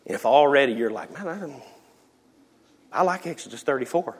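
A man preaching a sermon as pastor, animated, acting out dialogue and reading scripture aloud. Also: mid-range voice, a little fast, pauses often, slightly rough. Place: church sanctuary. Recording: long reverb of a church hall.

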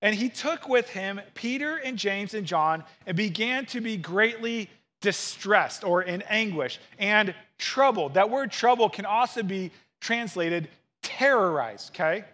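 High-voiced man preaching an expressive sermon. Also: unhurried. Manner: earnest, expressive preaching with acted quotes. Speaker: pastor.

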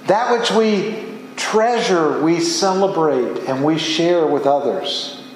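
Earnest pastor preaching in an echoing hall. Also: male voice, on the high side, slow, a little hiss or hum. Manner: earnest, emphatic preaching with rising exclamations. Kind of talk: sermon. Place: church sanctuary. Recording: echoey hall from far off.

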